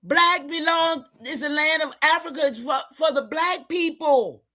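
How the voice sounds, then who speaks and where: A woman giving an impassioned, preachy livestream talk, calling out to her listeners and sometimes shouting in frustration. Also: high voice, a little slow. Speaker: online community leader.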